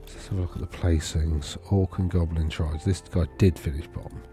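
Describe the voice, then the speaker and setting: This wargaming video host has a low, warm voice with fairly even intonation and a normal pace, and faint music plays behind him. In casual screen-share commentary, he rambles through tournament data on his screen, correcting himself while thinking aloud.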